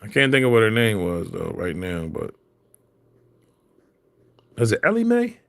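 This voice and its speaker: A man's voice: fairly low pitch, huge pitch swings, a little slow, gravelly, a bit bright, no room sound. A man in casual chat, telling stories in slang and laughing often. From Philadelphia.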